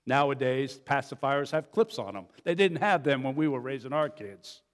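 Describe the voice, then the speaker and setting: A man's voice: medium pitch, lively intonation, moderate pace. A middle-aged man preaching a sermon, telling stories in a folksy, conversational way with fillers and restarts. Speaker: pastor. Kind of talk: sermon with storytelling. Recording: long reverb of a large hall.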